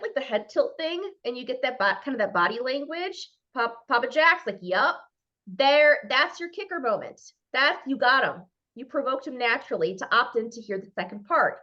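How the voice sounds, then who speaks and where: Lively woman with a Minnesota accent. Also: sits high. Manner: lively, playful, acts out little dialogues. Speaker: guest speaker. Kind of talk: animated presentation on a video call. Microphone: video call. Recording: muffled video call audio.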